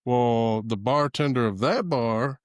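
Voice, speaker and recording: A man's voice: mid-range voice, slow, dry recording, studio quality. Laid-back man telling a story. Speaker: podcast host. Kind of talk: casual storytelling chat. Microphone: podcast microphone.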